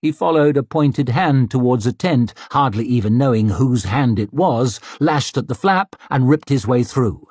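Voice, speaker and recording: Guy reading an audiobook, husky, dry close sound. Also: medium pitch, lively intonation, a little slow, hardly any pauses, darkish tone, no room sound. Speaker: audiobook narrator. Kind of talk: scripted narration.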